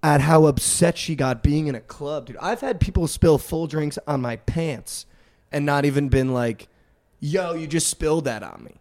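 A young man co-hosting a podcast, telling a story in casual chat, animated and full of "like" and "dude". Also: fairly high pitch, normal speed. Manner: animated, heavy use of "like" and "dude", acts out quotes. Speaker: podcast co-host.

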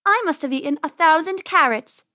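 A bold young girl rabbit speaks up high and eager, voiced by a woman reading a storybook. She sounds bossy and excitable. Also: a little fast, dry recording, clean studio sound.

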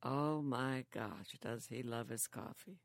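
An older woman who lives in a care home, chatting slowly and telling stories with frequent chuckles. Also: a bass voice, vocal fry, no echo, studio quality. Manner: slow, chuckling storyteller. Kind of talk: casual chat.

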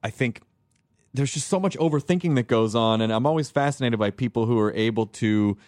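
A man's voice: mid-range voice, brisk, darkish tone, dry recording, studio quality. A man hosting a podcast, chatting casually in a rambling, jokey way with casual swearing. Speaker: podcast host. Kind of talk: casual chat.

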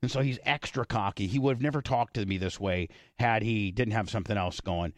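A man's voice: fairly low pitch, fairly quick, dry recording. A man hosting an uncensored radio show, telling stories with lots of swearing and acting out the voices of the people in them. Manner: profane, animated, acts out quoted voices in his stories. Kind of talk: uncensored casual talk radio storytelling. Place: radio studio.

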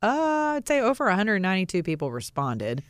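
A woman hosting a casual talk show, frank and animated as she reads listener comments aloud. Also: medium pitch, fairly quick, smooth, no room sound, clean studio sound. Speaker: podcast host. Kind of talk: casual chat.

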